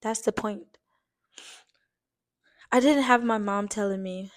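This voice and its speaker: A woman's voice: mid-range voice, steady tone, takes it slowly, pauses often. A young woman speaks straight to her viewers in a heartfelt, casual vlog. She sounds earnest and emotional, like she is holding back tears. Her talk is loose and chatty, full of "like" and the odd swear word. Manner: casual, uses fillers like "like" and swears lightly. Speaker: vlogger.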